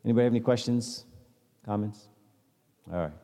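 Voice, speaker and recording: A man's voice: medium pitch, fairly quick, dark tone. A man giving a casual slideshow talk at a church meeting, telling stories with quoted dialogue. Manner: chatty storytelling with quoted dialogue. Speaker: church speaker. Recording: long hall reverb.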